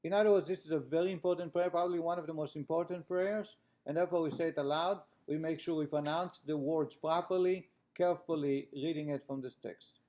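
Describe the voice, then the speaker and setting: A man's voice: fairly high pitch, steady tone, brisk, few pauses, dark tone. A man teaching a class, reading a text aloud and then explaining it in plain words with frequent restarts.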